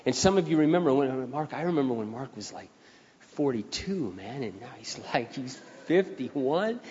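A man's voice: mid-range voice, animated, normal speed. Emphatic preaching man in a reverberant hall. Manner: emphatic repetition, swelling louder on key phrases. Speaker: pastor. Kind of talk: sermon. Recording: dull sound, long hall reverb.

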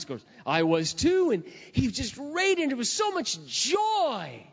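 A man preaching a sermon in a lively storytelling style, retelling a scene with dramatic acted quotes. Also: very high-pitched, normal speed, hardly any pauses, slightly rough. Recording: dull lo-fi with long hall reverb.

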